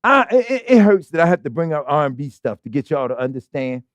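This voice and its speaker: Lively preaching man. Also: fairly high pitch, fast talker, dry recording. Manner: preaching with rhetorical questions and call-and-response. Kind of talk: sermon. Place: congregation hall.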